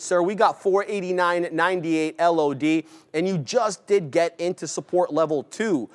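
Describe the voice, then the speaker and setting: Man, smooth resonant voice, slightly high, live trading commentary, upbeat and brisk. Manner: brisk, upbeat, gives viewer shout-outs. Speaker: day-trading stream host.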